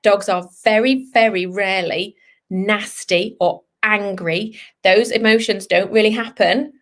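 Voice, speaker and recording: A woman vet giving an online lesson to children, lively and encouraging, sometimes voicing what a dog is thinking. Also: medium pitch, unhurried. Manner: lively, speaks to children, voices the dog's thoughts. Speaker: veterinarian teaching children.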